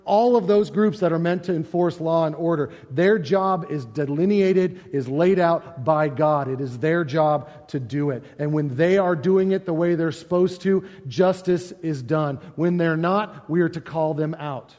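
A man's voice: fairly high pitch, unhurried, few pauses, a little mellow, long reverb tail. A male pastor preaching a sermon, emphatic, building lists and asking rhetorical questions.

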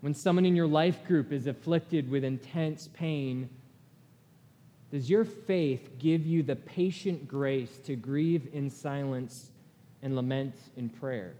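Slow earnest pastor in a reverberant hall. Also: male voice, mid-range voice, dark tone. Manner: slow, earnest, pausing delivery, rising for quoted laments. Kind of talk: sermon. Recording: long reverb of a large hall.

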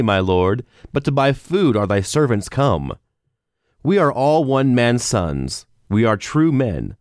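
A man reads scripture aloud in a steady, measured voice of middle pitch. The recording is dry and close, with no room sound around him. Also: dry recording. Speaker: scripture reader. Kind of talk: scripted Bible reading.

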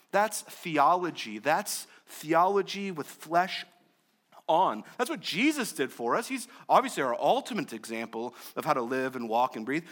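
Male pastor, sermon, slightly high voice, bright tone, conversational, jokey asides. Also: sing-song, unhurried. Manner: conversational, joking asides, wide swings from loud to soft.

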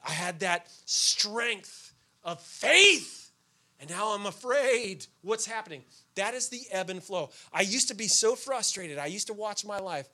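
Bright, high-voiced pastor preaching. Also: male voice, a little slow. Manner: animated storytelling with sudden shouted outbursts. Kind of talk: sermon.

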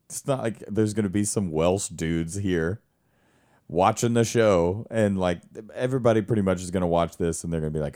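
A man, a stage actor and director, chatting casually and telling animated stories with frequent laughter. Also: low-pitched, moderate pace. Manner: animated storyteller, laughs often. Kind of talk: casual conversation.

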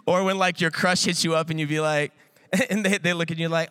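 A man gives a lively, casual sermon, joking with the crowd and acting out little quoted voices between loose filler words. His voice sits high and bright, with a smooth, clear tone. The sound is dry and close, with no room echo. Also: normal speed. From Iowa, US. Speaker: guest preacher.

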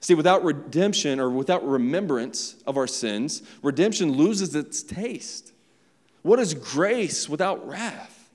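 A man's voice: a little high, lively intonation, slow, a little mellow. A young man preaching a sermon to his church in a loose, conversational way, tossing in "right?" and "like" as he goes. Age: young adult. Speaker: pastor. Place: church sanctuary. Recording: long reverb of a large hall.

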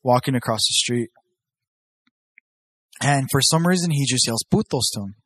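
Speaking at a normal speed in a mid-range voice with no echo, this young Southern Californian spins stories in casual conversation. His telling is profane and animated, and he raises his voice to act out quotes.

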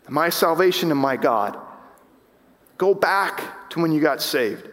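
A male pastor preaching a sermon in a church sanctuary, his slightly raised voice swelling with passion and then dropping low. He often stumbles and restarts mid-sentence as he pushes a point. A long reverb trails each phrase. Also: animated, unhurried, a bit bright. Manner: impassioned, rising and falling with emphasis, frequent restarts.

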